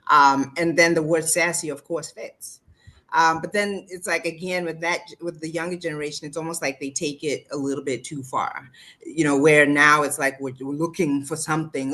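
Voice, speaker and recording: A woman's voice: deep voice, normal speed, pushed and bright. A woman co-hosting a casual discussion show, earnest and explaining, who makes her points firmly and simply. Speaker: co-host.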